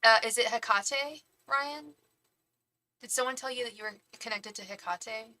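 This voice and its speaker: A woman doing a live tarot reading in a bright, clear voice. She chats casually with viewers in animated bursts and restarts often. At other times she softly repeats a chanted invocation. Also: a little high, moderate pace, rough recording. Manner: chatty and animated, with frequent restarts. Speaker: tarot reader and psychic medium. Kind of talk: casual chat on a live stream.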